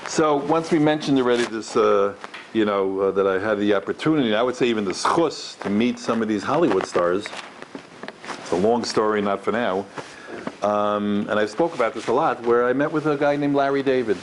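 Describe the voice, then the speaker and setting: A man's voice: fairly low pitch, fairly quick, a little hiss or hum. A man who is a rabbi, giving a lecture with stories and acting out the dialogue, recorded on a microphone in a community hall. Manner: acts out dialogue in his stories. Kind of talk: lively lecture with storytelling.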